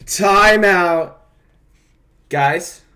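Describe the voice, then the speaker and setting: A man hosts a livestream and breaks into a played clip to sneer at the person in it. His voice sits a little high for a man, and he swears freely and taunts as he goes. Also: extremely slow, pushed and bright. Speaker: commentary streamer. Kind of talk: mocking livestream commentary.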